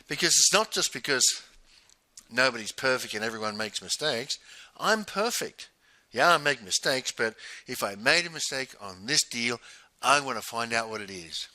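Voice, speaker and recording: A male coach talks straight to the listener in a bright, forceful tone. He leans on repetition and rhetorical questions. The sound is dry and close, with no room around it. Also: mid-range voice, no room sound. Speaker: business coach. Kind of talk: motivational monologue.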